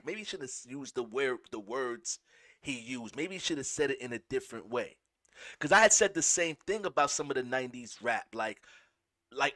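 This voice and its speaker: Host type: bright, fairly high New guy, slangy rant, dry close mic. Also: no echo. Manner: animated, restarts and repeats, slangy. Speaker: podcast host. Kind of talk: casual commentary monologue.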